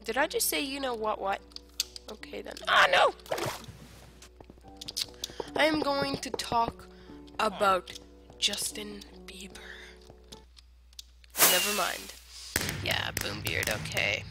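A woman giving casual gameplay commentary, rambling in silly self-talk and arguing with herself, swinging between whispered asides and loud outbursts. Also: mid-range voice, lively intonation, slow pace, pauses often, music in the background. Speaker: gamer playing online survival matches. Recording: noisy home recording with clicks.

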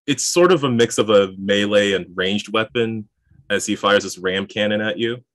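Running a tabletop game, a lowish-voiced man narrates events and rules on what happens, reasoning out loud between frequent chuckles. He speaks at a moderate pace in a slightly bright tone, with no echo.

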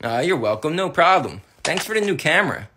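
A laid-back, sarcastic teenage brother in a comedy skit, talking in a deadpan way. The voice is pitched far below her own and sounds deep. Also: a little fast, slight background noise.

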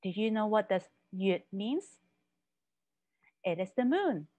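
A woman teaching a language lesson, explaining patiently and repeating phrases slowly. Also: medium pitch, big pitch swings, warm tone, dry recording, lo-fi sound. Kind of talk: slow, careful language lesson.

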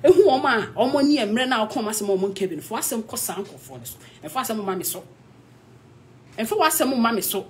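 A Ghanaian-accented woman delivers a heated, scolding rant, moving between English and Twi. Her voice sits fairly high and swings up and down a lot as she presses her point. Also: lively intonation, a little fast, a little mellow. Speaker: actress. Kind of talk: heated social media rant.

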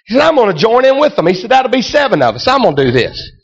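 A man preaching a sermon, telling a story that builds to shouted exclamations. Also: high-pitched, sing-song, fast, breathy edge, dull audio. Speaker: pastor.

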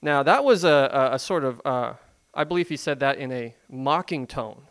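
A pastor preaching a sermon in a conversational, emphatic way, full of rhetorical questions. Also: male voice, mid-range voice, animated, moderate pace, fairly bright tone.

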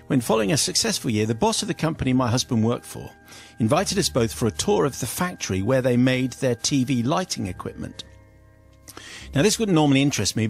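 British man, radio host, husky voice, reading a funny listener letter, faint music behind. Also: mid-range voice. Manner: lively, amused delivery with playful quoted voices. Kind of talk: storytelling read-aloud on radio.

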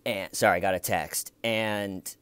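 A man's voice: low voice, fairly even intonation, measured pace, a bit bright, clear, resonant tone, dry recording. A man giving casual, sarcastic commentary on a YouTube video, joking and conversational. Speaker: YouTube true-crime commentator.

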